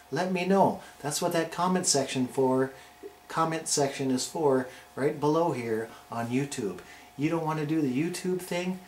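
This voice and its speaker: A man hosting a casual video review, talking in a hyped, playful countdown style. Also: fairly high pitch. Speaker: wrestling show reviewer and host. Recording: roomy echo with faint noise.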